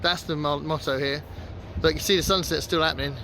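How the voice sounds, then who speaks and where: A man's voice: a little high, steady tone, a little fast, pushed and bright. Casual male travel vlogger, talks to a handheld camera, rambles a little, outdoor noise behind. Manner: chatty and rambling, many fillers. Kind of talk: casual vlog narration to camera. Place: outdoors, sightseeing on foot and by water.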